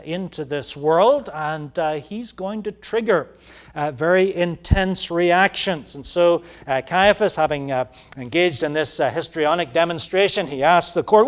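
A man preaching a sermon, halting often on fillers, then pressing points with rising emphasis. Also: a little high.

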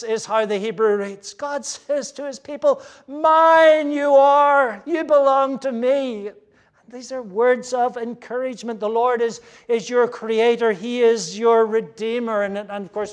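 Earnest high-voiced male preacher. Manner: earnest and emphatic, swinging between loud stresses and hushed asides. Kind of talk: sermon. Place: room with a gathered audience.

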